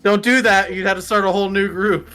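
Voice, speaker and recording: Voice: medium pitch, flat delivery, quick pace, music in the background. A guest on a livestream who makes dry joking remarks. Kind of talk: casual livestream banter.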